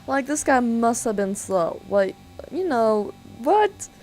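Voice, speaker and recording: A teenage girl from California telling a story in an animated, excitable way on a casual vlog. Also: on the high side, a little slow, faint music behind, low-quality recording.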